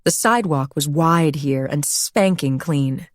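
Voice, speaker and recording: A woman with a low-pitched voice reads an audiobook narration at a steady, measured pace. The recording is dry and close, with no room sound. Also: no echo. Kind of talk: scripted narration.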